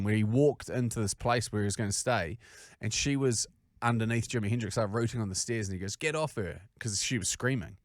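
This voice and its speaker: A man with a New Zealand accent, co-hosting a podcast and telling sweary, animated stories in casual chat. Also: medium pitch, no echo, studio quality. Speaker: podcast co-host.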